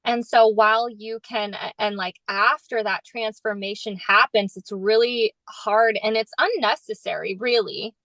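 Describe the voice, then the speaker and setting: A woman's voice: medium pitch, steady tone, measured pace, few pauses, fairly bright tone, no room sound, poor audio. A woman author chatting on a podcast, talking in an earnest, reflective, spiritual way. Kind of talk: casual podcast chat.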